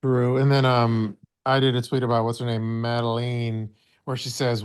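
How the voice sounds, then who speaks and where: A man's voice: medium pitch, level tone, normal speed, clean tone. A man co-hosting a podcast who chats casually, fixes details, and murmurs agreement. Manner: corrects details, agreeable back-channeling. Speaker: podcast co-host. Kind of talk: casual chat.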